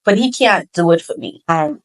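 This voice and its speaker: A woman's voice: medium pitch, animated, moderate pace, poor audio. A young woman gives an earnest, preacherly testimony as a podcast guest, repeating phrases for emphasis. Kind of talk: emotional testimony.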